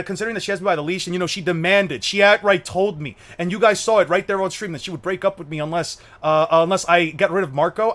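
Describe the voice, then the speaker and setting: A young man with a notably high voice streams live to his chat. He swears freely, repeats himself, and stumbles through restarts as he talks. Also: fairly bright tone. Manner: profane, repetitive, stumbling restarts. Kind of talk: livestream chat.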